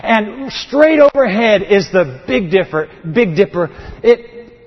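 A man's voice: high voice, big pitch swings, takes it slowly. A middle-aged male pastor preaching an impassioned sermon, often repeating words and restarting sentences. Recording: reverberant, dull lo-fi sound.

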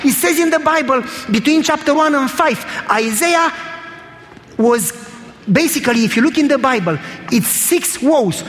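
A man's voice: very high voice, lively intonation, moderate pace, fairly bright tone, long reverb tail. A man preaching a sermon in a church, telling stories in an emphatic, conversational way.

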